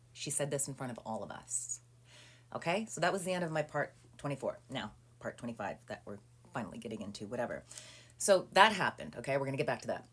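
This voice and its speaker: A woman's voice: quick pace, slightly rough. A woman telling a personal story in a casual, chatty monologue, full of fillers and acted-out quotes. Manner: animated, acting out quoted people with rising pitch and volume; chatty with frequent "um" and "like". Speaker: storyteller recounting a personal legal ordeal.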